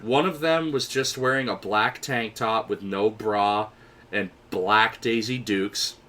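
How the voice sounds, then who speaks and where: A young man in his twenties co-hosting a casual podcast, telling a long story with lively acted-out quotes. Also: on the low side, slow pace. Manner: animated storyteller, acts out quoted voices. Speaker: podcast co-host.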